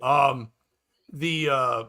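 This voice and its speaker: Male comic podcast host, rambling storyteller, bright and pushy tone. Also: mid-range voice, very slow. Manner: rambling, animated storyteller acting out quotes. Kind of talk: casual storytelling chat.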